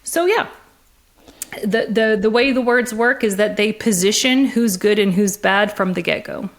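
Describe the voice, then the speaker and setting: A woman guest in a conversational interview, talking in an animated way with frequent laughs and restarts. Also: mid-range voice, unhurried. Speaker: interview guest, discourse analyst.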